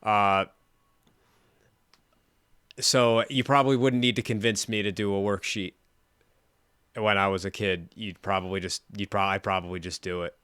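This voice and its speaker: A man's voice: lowish voice, steady tone, moderate pace, pauses often, fairly bright tone, clean tone, no echo, clean studio sound. A man hosting a casual chat, laid-back, swearing casually and stumbling a little over his words.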